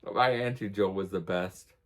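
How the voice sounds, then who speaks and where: This vlog host from the United States has a fairly low voice with lively intonation and a normal pace. His talk is relaxed storytelling, full of meandering anecdotes and chuckles.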